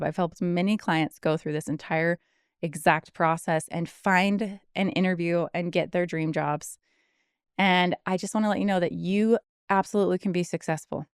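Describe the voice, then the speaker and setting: Smooth low-voiced woman coaching eagerly. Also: dry recording, studio quality. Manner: enthusiastic, encouraging, slightly out of breath. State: out of breath. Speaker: career coach and podcast host. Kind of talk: solo podcast advice monologue.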